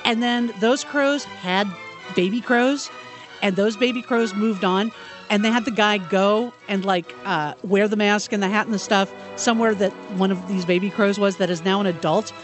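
A man's voice: sits high, steady tone, faint music behind. Man reading quirky news on radio. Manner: halting, stumbling restarts in chat. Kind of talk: reading news items and casual banter.

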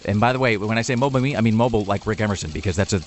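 A man hosting a talk radio show, riffing in quick, sardonic, rambling asides. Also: fairly low pitch, slight background noise. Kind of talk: irreverent talk radio banter. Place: radio studio.

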